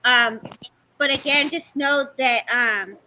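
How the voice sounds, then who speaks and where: A woman giving a live-streamed psychic reading, talking fast and affectionately to the people she reads, calling them baby and babes. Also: high voice, sharp tone, low-quality recording. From California. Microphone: live-stream microphone.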